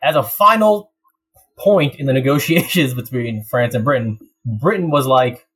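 A young man in casual chat, telling a story with lots of laughs and quick put-on voices. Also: medium pitch, a little hiss or hum, poor audio. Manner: animated storytelling, laughs often, slips into voices.

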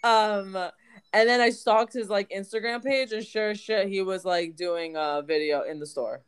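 A woman's voice: mid-range voice, normal speed, clean tone. A woman co-hosting a podcast, telling a story in casual chat, full of "like" fillers. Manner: chatty storyteller, many "like" fillers. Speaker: podcast co-host.

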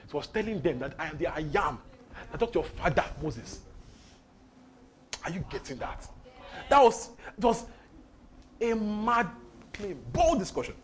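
A man's voice: sits high, very animated, moderate pace, pauses often, slight background noise. A man leading a Bible lesson, breaking in on the reading to explain and repeat key phrases with emphasis. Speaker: Bible teacher. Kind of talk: commenting on a scripture reading.

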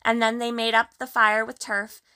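Bright-voiced woman reading a storybook. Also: on the high side, completely flat delivery, moderate pace, smooth. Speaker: narrator.

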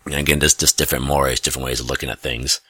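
A man's voice: a bass voice, level tone, very fast, sharp tone, husky, no echo, clean studio sound. A middle-aged man, telling a family story in a rambling, self-correcting way, often chuckling. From US Midwest. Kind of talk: casual personal storytelling.

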